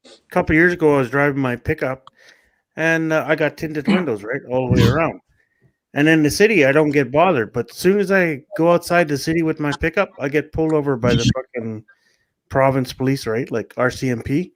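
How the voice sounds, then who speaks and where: A man's voice: fairly high pitch, fairly quick. A man from Canada hosting a casual chat, telling brash, heavily sworn stories about police stops. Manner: brash, heavy swearing. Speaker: host. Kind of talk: casual storytelling.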